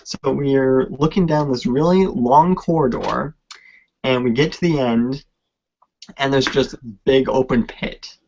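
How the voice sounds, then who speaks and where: A man on a podcast telling a tabletop game story at a slow, halting pace, full of fillers, on a lo-fi recording. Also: medium pitch, gravelly, darkish tone, slight background noise. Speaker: podcast co-host.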